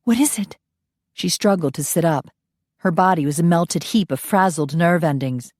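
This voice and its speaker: A woman narrating a romance audiobook in a steady, unhurried, intimate reading. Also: deep voice, dry recording, studio quality.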